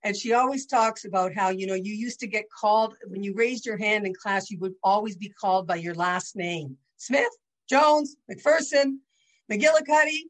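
Woman, religious teacher, conversational, fillers, middle pitch. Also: steady tone, brisk, few pauses, rough recording. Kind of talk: casual religious lesson and storytelling.

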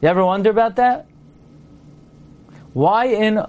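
A man with a fairly high voice teaches a class. He is playful and quizzing, and he sounds out his examples aloud as he goes. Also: normal speed, long pauses, a little mellow. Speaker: Torah teacher. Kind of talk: lecture to a class.

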